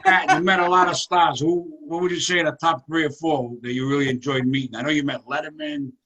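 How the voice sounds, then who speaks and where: A man's voice: a little high, expressive, fairly quick, vocal fry, highs cut off. A man hosting a casual comedy chat over a video call, teasing his guests and laughing often. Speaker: host.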